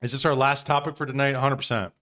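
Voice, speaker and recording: A man's voice: medium pitch, fairly even intonation, fast talker, pushed and bright. A man hosting a live stream, giving loose, profane reaction commentary with frequent laughs.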